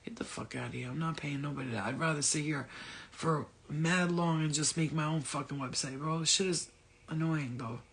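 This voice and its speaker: A man's voice: on the high side, a little fast, vocal fry, a bit bright, slightly rough. A man giving a casual motivational rant to his viewers, with a blunt, profane, rambling manner. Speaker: spiritual vlogger.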